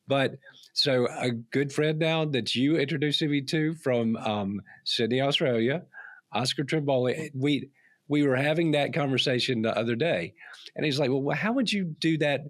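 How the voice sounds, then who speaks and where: A man's voice: medium pitch, moderate pace, dry recording. A man hosting a podcast, chatty and friendly, telling stories with restarts. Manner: friendly, rambling with restarts and laughs. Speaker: podcast host. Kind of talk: casual conversation.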